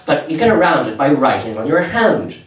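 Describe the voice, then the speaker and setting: Rambling older comic, roomy and distant. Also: male voice, on the high side, sing-song, fairly quick. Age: 70s. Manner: rambling, stammering, self-mocking. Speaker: stand-up comedian. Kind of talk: stand-up comedy set. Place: comedy club stage. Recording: roomy live audio from far off. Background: audience laughter.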